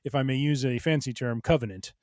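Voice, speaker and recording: A man co-hosting a podcast who thinks out loud in casual chat, hesitating and restarting his sentences. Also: medium pitch, fast, no room sound, clean studio sound. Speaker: podcast co-host.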